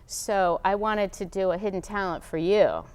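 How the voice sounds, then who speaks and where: A middle-aged woman with a smooth, resonant voice spins an anecdote for an interviewer. She talks in an animated way, slipping into the voices of the people she quotes. Her pitch sits in a middle range. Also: normal speed, in a large hall. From United States. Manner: lively, animated storyteller who acts out quotes. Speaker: guest. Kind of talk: casual storytelling interview.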